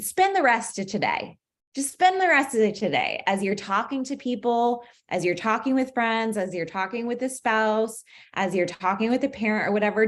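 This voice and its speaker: A woman coach giving a masterclass, talking casually and playfully, often saying "like", swearing now and then, and asking the listener rhetorical questions. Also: medium pitch. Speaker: manifestation coach. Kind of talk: recorded masterclass talk.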